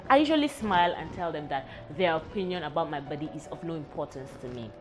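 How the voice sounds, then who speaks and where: A woman's voice: sits low, animated, fast talker, over music. A young woman, hosting a candid personal vlog in a frank, wry, self-mocking way. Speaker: vlog host.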